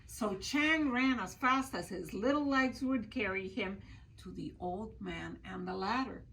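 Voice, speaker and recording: Woman library storyteller, slow and expressive, talks to young listeners. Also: medium pitch, creaky, low-quality recording. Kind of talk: reading a picture book aloud to children.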